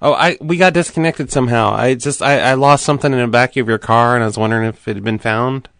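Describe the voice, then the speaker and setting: A man making prank phone calls, keeping an innocent, deadpan tone while needling the people he calls. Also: mid-range voice, fast talker, gravelly, dry recording, studio quality. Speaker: prank caller.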